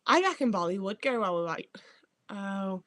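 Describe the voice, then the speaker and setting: Chatting with her stream viewers from home, this young Northwest English woman is casual and self-deprecating, cursing a lot. She speaks at a normal speed in a mid-range, slightly bright voice with lively intonation, and there's no echo.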